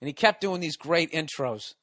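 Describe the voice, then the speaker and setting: Profane, excitable man telling a story. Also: a little high, normal speed, no room sound, studio quality. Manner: profane, excitable, rambling with restarts. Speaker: podcast host and stand-up comedian. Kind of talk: casual storytelling monologue.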